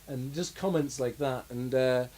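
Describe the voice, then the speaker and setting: A man's voice: mid-range voice, a little slow, mellow. A young man co-hosting a casual chat about films, rambling with lots of fillers and restarts. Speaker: podcast co-host.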